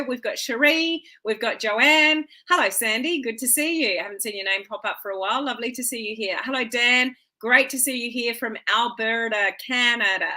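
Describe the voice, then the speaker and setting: A middle-aged woman hosts a live social media stream, speaking casually as if into a webcam. Her bright, clear, mid-range voice is chatty and welcoming, greeting viewers by name and checking in with a friendly "okay?".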